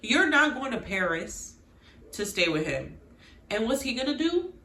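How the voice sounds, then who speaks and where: A woman hosting a casual TV recap, talking straight to her viewers in an animated, exclaiming way. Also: mid-range voice, unhurried, creaky. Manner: animated, exclaiming, talks to viewers as "girl" and "y'all". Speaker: recap channel host. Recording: echoey room.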